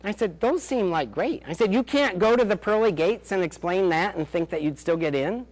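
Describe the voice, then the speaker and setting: Man, family therapist, parenting lecture, somewhat high voice, chatty, sarcastic, lots of "like" fillers. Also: lively intonation, brisk, few pauses. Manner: chatty storytelling, frequent "like" and "um" fillers; dry, sarcastic humor. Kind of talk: lecture with anecdotes.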